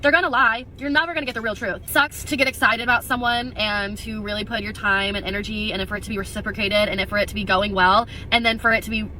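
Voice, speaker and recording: A woman's voice: medium pitch, steady tone, bright, forceful tone, a little hiss or hum. A young woman venting to camera, frustrated and swearing. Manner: rapid, frustrated, profane.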